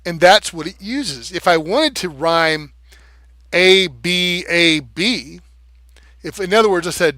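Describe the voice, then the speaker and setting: Man, livestream vlogger, bright, slightly high voice, dry close sound, profane and animated. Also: takes it slowly, dry recording. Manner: animated, profane, explains with rhythm syllables. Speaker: live streamer. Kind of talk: casual livestream monologue.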